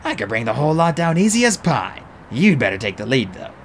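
A man's voice: medium pitch, sing-song, a little fast, a bit bright, a little hiss or hum. A man voicing a crude, boastful male dwarf in an audiobook reading.

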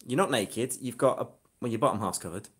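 This hypnotist stream host talks quickly in a mid-range voice that's a bit bright with a breathy edge. Recording on his phone camera inside a flat, he keeps up casual live-stream chat, tossing joking asides to viewers.

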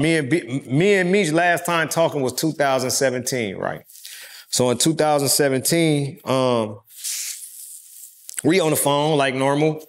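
Man, interview guest, animated street talk, profane, acts out quotes. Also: mid-range voice. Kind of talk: casual storytelling interview.

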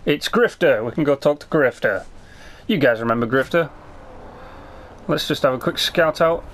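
A man's voice: on the high side, moderate pace, fairly bright tone. A man hosting a let's play, chatting casually and rambling through his game commentary with self-mocking asides, sometimes reading game text aloud.

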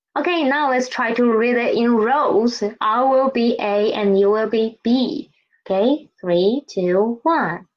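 A woman's voice: fairly high pitch, unhurried, lo-fi sound. A woman teaching a language lesson, patiently modeling words and repeating them for students to read after her. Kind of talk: slow, clear classroom instruction.

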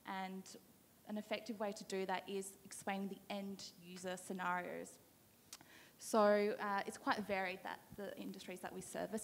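Woman on a conference panel, flat monotone delivery, ums, echoey hall, faint noise. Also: medium pitch. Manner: flat, steady, with many ums. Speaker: panel speaker.

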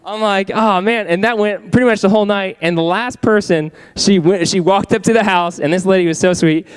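A man's voice: high voice, a little fast, clean tone. A young man preaching to a youth group, chatty and quizzing the audience with questions. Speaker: youth pastor. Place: youth ministry room.

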